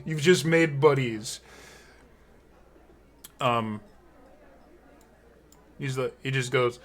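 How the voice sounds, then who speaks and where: A man's voice: medium pitch, extremely slow. A man narrating a tabletop game as game master, rambling and full of fillers and laughter.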